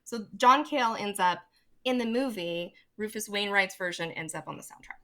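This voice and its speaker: A woman co-hosting a podcast, chatting casually with quick jokes and animated asides. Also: medium pitch. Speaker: podcast co-host. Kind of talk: casual chat.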